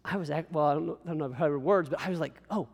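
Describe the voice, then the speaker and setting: Young male pastor, high voice, earnest and exhorting, church hall with long reverb. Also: racing, creaky. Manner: earnest, exhorting, folksy asides. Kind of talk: sermon.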